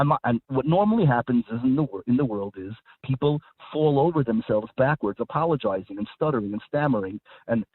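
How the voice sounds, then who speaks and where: A man's voice: medium pitch, slightly rough, no room sound. A man speaking as a guest rabbi in a radio discussion, talking emphatically with frequent repeated words and restarts. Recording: dry, phone-like line.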